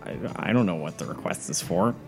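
A man's voice: deep voice, expressive, a little fast, vocal fry, soft background music. A man playing a tabletop game, answering in an offhand, joking way. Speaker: player. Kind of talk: casual tabletop play.

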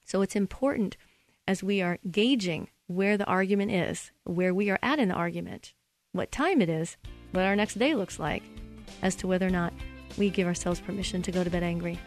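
A woman hosting a Christian relationship advice radio show in an earnest, steady, teacherly way. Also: fairly low pitch, a little fast, faint music behind.

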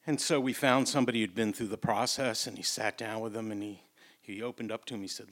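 A man doing stand-up, telling stories with blunt, crude punchlines and halting restarts, on stage before a live audience. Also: fairly low pitch, a bit bright. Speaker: stand-up comedian. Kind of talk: stand-up storytelling.

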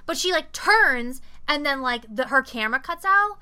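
Young female co-host, bright and a bit high, profane animated movie recap on a video call. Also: normal speed. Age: young adult. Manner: profane, animated retelling with acted-out quotes. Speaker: podcast co-host. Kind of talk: casual chat reviewing a movie.

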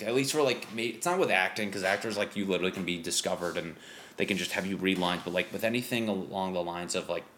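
Deep-voiced man rambling casually. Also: a bit bright, a little hiss or hum. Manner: loose, rambling, profane, lots of fillers. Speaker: stand-up comic and podcast host. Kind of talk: casual podcast chat.

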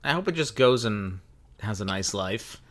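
A woman's voice: a bass voice, lively intonation, normal speed. A young woman co-hosting a podcast, chatting in a dry, wry way and laughing often. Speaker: podcast co-host. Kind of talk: casual comedic chat.

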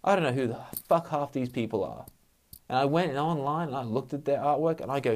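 A man's voice: mid-range voice, lively intonation, a little fast, darkish tone. A man talking casually on his own show, frank and full of swearing, venting his frustration. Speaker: podcast host. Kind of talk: casual solo monologue.

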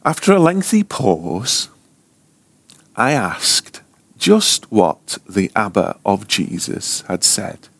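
A man with a lowish voice tells a sermon story at an unhurried pace. His pitch rises and falls widely as he leans into the drama, and at times his voice drops to a hushed near-whisper. The sound is close and dry. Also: big pitch swings, creaky, husky, dry recording. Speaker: ministry school teacher.

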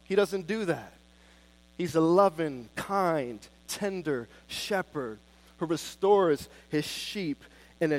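A man preaching a sermon with fervent emphasis, swinging between loud declarations and soft, hushed pleas. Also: fairly high pitch, animated, slow.

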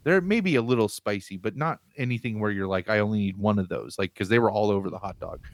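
A man in casual chat, telling an animated, rambling story from his home on a video call. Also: fairly low pitch, quick pace. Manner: animated, rambling, laughs while telling stories. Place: home room with pinball machines.

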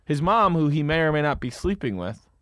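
Excitable young man ranting about a show. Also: on the high side, dry recording, clean studio sound. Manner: animated, quick to rant and tease. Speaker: podcast co-host. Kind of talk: casual chat.

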